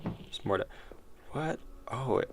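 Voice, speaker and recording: A man's voice: medium pitch, lively intonation, slow, a little mellow. A man casually commenting while he plays a horror game, musing aloud and reading the game's dialogue as he goes. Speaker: streamer playing a horror game.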